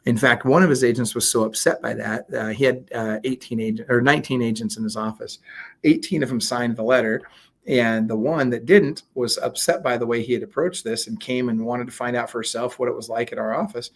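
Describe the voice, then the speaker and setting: A man being interviewed, telling a story in a casual, animated way, acting out quoted dialogue with lots of fillers. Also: mid-range voice, fairly quick. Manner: frequent fillers and restarts. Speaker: guest, real estate coach.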